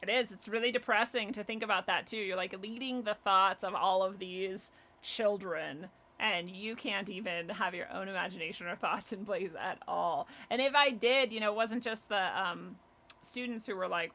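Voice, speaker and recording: Bright, animated woman in casual chat. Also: medium pitch, moderate pace, poor audio. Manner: animated, laughing often, acts out quoted voices. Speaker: podcast guest.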